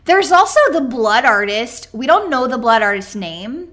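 Upbeat woman co-host, lively and sharp-toned. Casual, giggly podcast chat. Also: on the high side, moderate pace. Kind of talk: casual chat about a card game.

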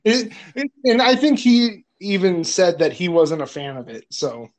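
A man's voice: sits high, measured pace. A man, a film director, chatting casually on a podcast, telling crude anecdotes and laughing often.

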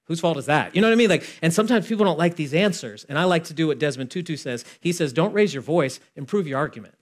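Animated man preaching a casual sermon. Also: a little high, fast. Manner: animated and conversational, acting out dialogue, swinging from loud to hushed. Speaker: pastor.

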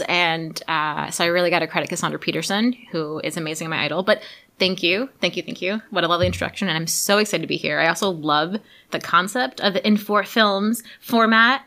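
A woman's voice: on the low side, fast, bright, forceful tone. A woman from Boston, a film critic guesting on a casual podcast, who talks in a gushing, enthusiastic way. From Boston, USA.

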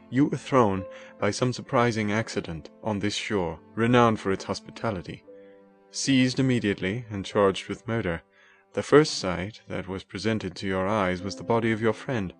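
A man narrating a classic novel as an audiobook in a dramatic, emotive first-person reading. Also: lowish voice.

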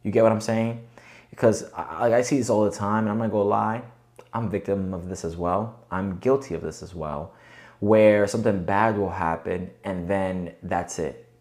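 A male podcast host gives a casual motivational monologue, coaching listeners with frequent rhetorical check-ins. His voice is on the low side and a little mellow, with fairly even intonation at normal speed.

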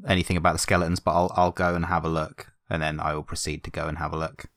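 Deep-voiced man playing a tabletop game. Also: little pitch movement, fast, a bit bright, no echo, studio quality. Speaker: player.

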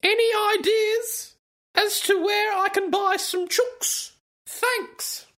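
A man putting on a shrill falsetto voice as an overwrought, sentimental woman posting online, reading her posts mockingly. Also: fairly even intonation, slow, bright, forceful tone, full character voice. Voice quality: high falsetto.

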